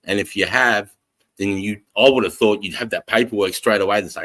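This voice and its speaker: A man's voice: fairly low pitch, fairly quick, sharp tone, poor audio. A man casually hosting a livestream, telling stories bluntly with plenty of swearing. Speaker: livestream host.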